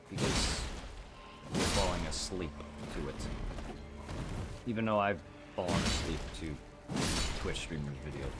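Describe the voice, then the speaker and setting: Tired, monotone man with a very low voice. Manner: self-deprecating, apologetic. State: tired, sore throat. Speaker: game streamer. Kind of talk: casual live gameplay commentary.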